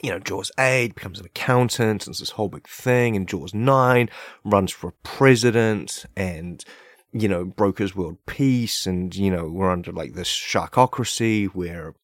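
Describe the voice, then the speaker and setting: A man with a fairly low voice rambles through a comedic podcast monologue, piling up fillers and asking "right?" to nobody. He praises silly ideas with deadpan, mock-earnest sincerity. The mic sound is close and dry, with no room around him. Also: a little slow, no room sound. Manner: loose, filler-heavy riffing with many "like" and "right?". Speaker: podcast host. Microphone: podcast microphone.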